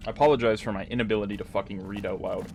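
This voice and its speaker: A man's voice: fairly low pitch, fairly even intonation, rapid-fire, gravelly, a little mellow, a little hiss or hum. A young Canadian man giving casual, sweary, joking let's-play commentary. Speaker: gaming video host.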